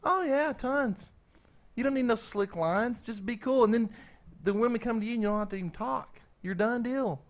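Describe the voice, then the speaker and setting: Host type, male, high voice, excitable, slangy, full of big ideas. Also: normal speed. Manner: excitable, pitching schemes, slangy. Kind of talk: casual group chat.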